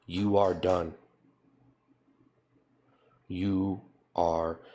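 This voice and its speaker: A man with a fairly low voice, hosting a comedy live stream. He keeps scolding his chat over and over in a mock-stern tone. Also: flat delivery, very slow, mellow. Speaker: livestreamer.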